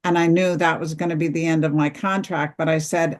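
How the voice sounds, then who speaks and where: A middle-aged woman, an author and interview guest, telling a personal story slowly and earnestly, acting out the dialogue. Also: low-pitched, fairly even intonation.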